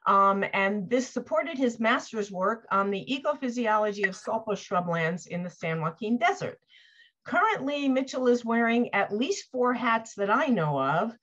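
A woman's voice: on the high side, lively intonation, normal speed, a bit bright. A woman hosting an online seminar, introducing the guest speaker and reading the introduction with a few fillers. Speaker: seminar host. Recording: slightly dull audio.

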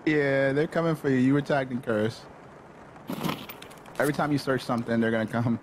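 A man's voice: medium pitch, fairly even intonation, a little fast, noisy background. A man chatting casually with a teammate during a game, laid-back and teasing. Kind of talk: casual gaming chat. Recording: loud music behind the voice.

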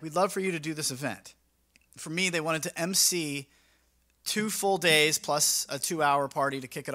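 This mobile DJ and vlogger is a young man whose bright, forceful voice sits on the higher side. Full of energy and slang, he keeps things casual and upbeat while playing out his exchanges with clients.

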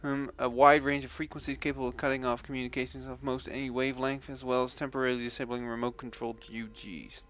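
A man from the Netherlands giving casual commentary while playing a video game, swearing and shouting out loud bursts. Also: mid-range voice, little pitch movement, fast talker, hardly any pauses, a little hiss or hum. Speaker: let's play gamer. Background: game music.

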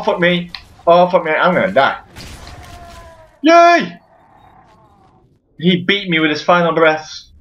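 A man swearing his way through a let's play with exasperated, sarcastic commentary. His pitch swings widely, jumping up and down as he reacts. The recording sounds dull and lo-fi, like a cheap home setup. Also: a bit bright. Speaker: gameplay commentator.

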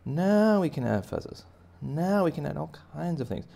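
Gravelly-voiced man teaching kids to draw. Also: on the high side, very animated, moderate pace, dark tone. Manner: playful, chatty, talks to children directly. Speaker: art teacher. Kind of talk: step-by-step drawing lesson for kids.

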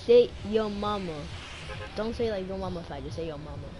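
A woman's voice: mid-range voice, expressive, a little fast, background noise. A woman chatting playfully and teasing while streaming a game. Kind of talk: casual gameplay chat.

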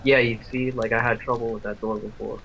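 A man's voice: mid-range voice, little pitch movement, noisy background. Laid-back teasing young man. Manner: laid-back, teasing, halting filler-heavy speech. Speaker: co-commentator watching. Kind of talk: casual let's-play commentary.

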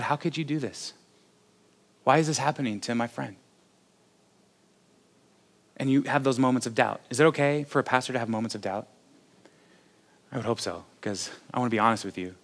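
A man, a pastor preaching a sermon in a conversational, self-deprecating, joking way. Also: mid-range voice.

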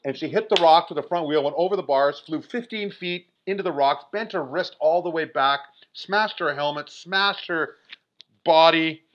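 A middle-aged Canadian man with a Canadian accent, a podcast guest telling an excited story and acting out voices as he goes. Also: on the high side, normal speed, highs cut off. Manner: energetic, animated, acts out voices in his stories.

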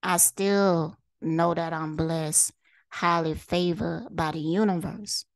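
A woman's voice: lowish voice, steady tone, takes it slowly, vocal fry, no room sound. Blunt, profane woman ranting heatedly. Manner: rhetorical questions, repeats lines for emphasis. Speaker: vlogger. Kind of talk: impassioned direct-to-camera monologue.

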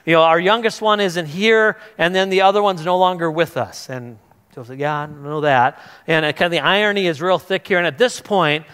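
A man's voice: sits high, a little fast, hardly any pauses, a bit bright, smooth. A male pastor giving a sermon, retelling a scripture story in a casual way, with frequent restarts, and he voices the characters as he goes. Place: church hall. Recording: long church hall reverb.

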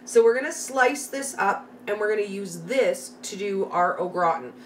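A woman's voice: mid-range voice, expressive, moderate pace. A middle-aged Canadian woman hosting a live recipe tutorial from her home kitchen, chatting and greeting viewers by name. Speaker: live cooking host. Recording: slightly distant mic, faint background noise.

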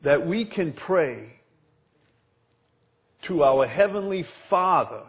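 Pastor, male, fervent sermon delivery, unhurried, muffled lo-fi sound. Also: fairly high pitch, lively intonation. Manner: builds from quiet earnest teaching to loud fervent preaching. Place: church sanctuary.

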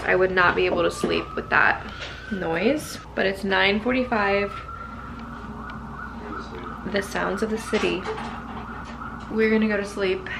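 A woman's voice: medium pitch, fairly even intonation, measured pace, gravelly, long pauses, heavy background noise. A woman vlogging casually in a chatty, upbeat way, her voice nasal from being sick with a sore throat. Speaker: travel vlogger. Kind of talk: casual vlog narration. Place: hotel room and city streets. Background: background music.

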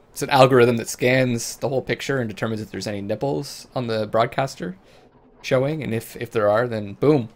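A man hosting a let's play, reading story text aloud in a mid-pitched voice. He switches between measured narration and casual, joking chatter. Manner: storyteller reading, breaks off into jokey chat.

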